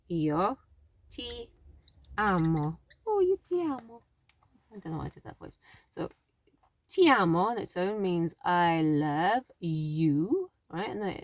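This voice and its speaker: A woman's voice: fairly low pitch, no room sound. A woman teaching a language lesson in a chatty, thinking-aloud way, often correcting herself as she explains. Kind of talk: casual spoken lesson.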